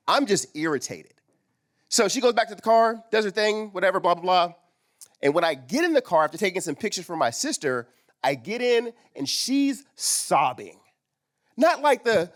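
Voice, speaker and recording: A man's voice: high-pitched, brisk. A man speaking at a live men's summit, telling a personal story and acting out the dialogue in it. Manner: animated, acts out quoted dialogue. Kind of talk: storytelling talk. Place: live event stage.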